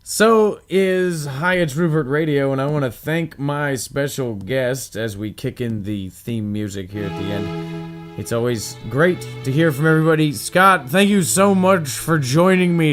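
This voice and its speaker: A man's voice: fairly high pitch, measured pace, soft background music. Playful man hosting a comedy podcast. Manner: playful, mock-stern teasing. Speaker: podcast host.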